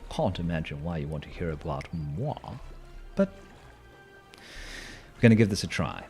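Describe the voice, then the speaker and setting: Sex: man. Role: game streamer. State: a bit hoarse. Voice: very deep and lively, with faint music underneath. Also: moderate pace. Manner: playful, rambling, with silly sing-song asides. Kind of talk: casual chat while live-streaming a game.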